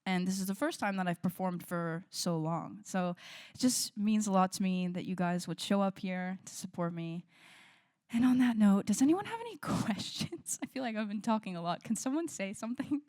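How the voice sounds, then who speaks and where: A woman singer-songwriter chatting casually with a live audience between songs, laughing often and filling pauses with "um" and "like". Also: mid-range voice. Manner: chatty and warm, laughs often, many "like" and "um" fillers. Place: small indoor live music session.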